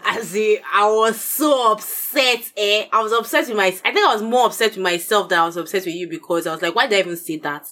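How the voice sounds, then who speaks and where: This is a woman, chatting casually and teasingly with her husband. Her voice sits at an ordinary middle pitch for a woman. It leaps higher whenever she pushes her point home. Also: a little fast, hardly any pauses, bright, forceful tone. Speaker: podcast co-host, married to the other speaker. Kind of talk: casual chat.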